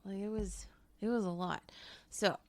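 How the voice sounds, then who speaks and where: Casual woman book reviewer, teacher type, laughs a lot, slight vocal fry. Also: mid-range voice, fairly even intonation, moderate pace. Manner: chatty, laughs often, swears casually. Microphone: home microphone.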